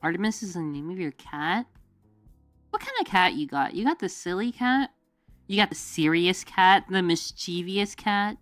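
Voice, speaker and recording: Her lowish voice is animated and moderately paced as she chats on a livestream, mic close and dry with no echo. The streamer drifts from one idea to another with plenty of fillers and laughter, over faint background music.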